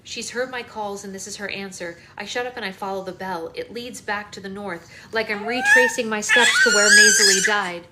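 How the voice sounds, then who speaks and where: A woman's voice: medium pitch, big pitch swings, moderate pace, roomy sound, heavy background noise. A woman reading a novel aloud for a livestream book club, narrating steadily in the first person. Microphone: phone.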